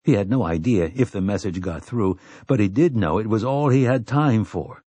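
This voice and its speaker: A man reading a novel aloud as an audiobook narrator in measured storytelling. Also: fairly low pitch, expressive, warm tone, husky, no echo. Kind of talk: scripted narration.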